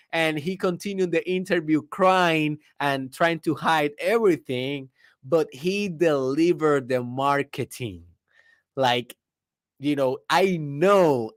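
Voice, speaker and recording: The recording is dry and studio-clean, capturing a young man's fairly high voice. He hosts a podcast, speaks Spanish as his first language, and tells an animated, laughter-filled motivational story with loose, non-native grammar.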